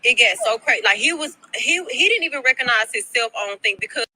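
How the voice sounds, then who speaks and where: A woman's voice: fairly high pitch, animated, fast, bright, forceful tone, rough recording. A woman telling a storytime to her followers, chatty, slangy and profane, often repeating herself. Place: at her workplace.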